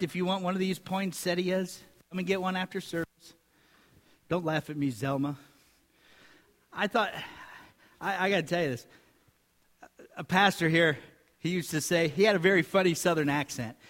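A man with a notably high voice preaches in a church sanctuary, and his words ring out with a long reverb tail. He keeps the sermon conversational, tossing joking asides to the congregation between points. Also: moderate pace, long pauses, a bit bright. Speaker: pastor.

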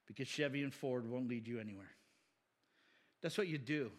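A man preaching a sermon in an animated, chatty way, laughing often and voicing quoted people. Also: mid-range voice, normal speed, big-room sound.

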